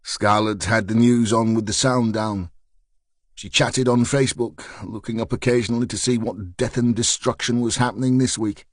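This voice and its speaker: A man's voice: mid-range voice, steady tone, moderate pace, dry recording, clean studio sound. Man reading an audiobook mystery. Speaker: audiobook narrator. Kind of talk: scripted narration.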